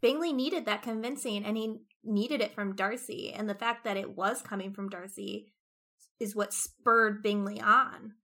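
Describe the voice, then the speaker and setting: A woman's voice: medium pitch, fairly even intonation, measured pace, sharp tone. A woman co-hosting a casual book discussion podcast, explaining and correcting details. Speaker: podcast co-host.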